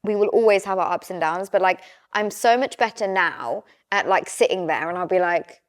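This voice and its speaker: A woman's voice: on the low side, moderate pace. A young woman, a podcast guest chatting casually and acting out little exchanges as she tells stories. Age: young adult. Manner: animated storyteller who acts out quoted exchanges. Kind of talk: casual chat.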